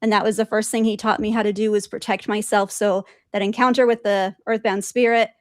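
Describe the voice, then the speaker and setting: A woman guest telling her spiritual experiences in an animated way, laughing often and acting out quotes. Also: mid-range voice, fairly quick, dry recording, clean studio sound. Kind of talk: storytelling in conversation.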